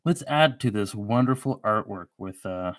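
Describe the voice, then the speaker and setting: A show host with a fairly low, expressive voice rambles at a moderate pace while drawing on a live stream, dropping sardonic asides. The recording has no echo.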